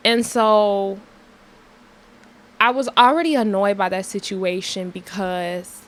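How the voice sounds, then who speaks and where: A woman's voice: mid-range voice, fairly even intonation, slow pace, poor audio. A young woman hosting her podcast, telling a story in a candid, emphatic rant with many filler words. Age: young adult. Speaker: podcast host.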